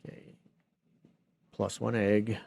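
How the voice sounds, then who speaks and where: A man's voice: on the low side, level tone, takes it slowly, vocal fry, darkish tone. A man giving casual, think-aloud commentary while streaming a creature game, reading menus and musing over his finds. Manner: thinks aloud, reads menus, trails off in asides.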